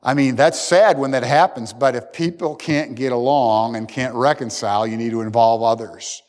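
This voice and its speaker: A man's voice: mid-range voice, moderate pace, a little mellow. A man preaching a sermon as pastor, talking earnestly and acting out what people say. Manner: earnest preaching, acts out quoted speakers. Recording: long hall reverb.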